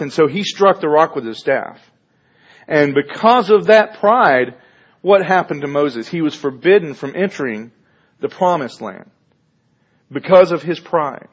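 Male preacher, sermon delivery, husky voice, dramatizes scripture quotes, dull lo-fi recording. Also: on the high side, expressive, normal speed. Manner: acts out biblical figures in quoted voices, then explains.

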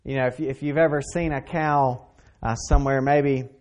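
A man preaching a sermon, earnest and emphatic, repeating phrases and swinging between loud and soft. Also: mid-range voice, steady tone, moderate pace. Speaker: pastor.

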